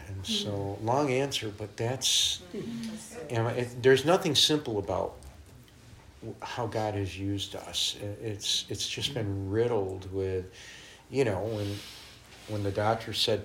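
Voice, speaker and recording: A middle-aged man, a traveling minister, telling lively stories in a conversation and acting out the people he quotes. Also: lowish voice, slow, a little hiss or hum. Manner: animated, laughing, acts out quoted voices. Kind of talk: storytelling in a conversation.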